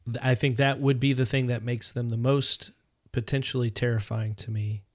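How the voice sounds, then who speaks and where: A man's voice: mid-range voice, flat delivery, normal speed, darkish tone, no room sound, clean studio sound. A man co-hosting a casual faith discussion podcast, earnest and thinking aloud with frequent restarts and asides. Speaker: podcast co-host.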